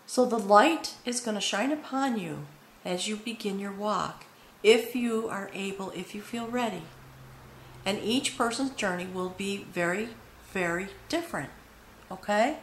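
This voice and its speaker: An earnest woman gives a tarot reading at a medium pitch for her sex, wandering from thought to thought and pausing to check in with her listener. She sounds faintly choked up, as if moved. The voice rings in a roomy, echoey space over a faint background hum. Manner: meandering, earnest, frequent "okay?" check-ins; emotional, a little choked up. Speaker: tarot reader. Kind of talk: spoken tarot reading to viewers. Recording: echoey room with faint ambience.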